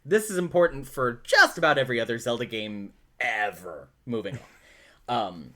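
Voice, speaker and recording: A man's voice: medium pitch, animated, normal speed, a bit bright. A man co-hosting a casual podcast, explaining lore with frequent laughs and fillers. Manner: giggly, storytelling, lots of fillers.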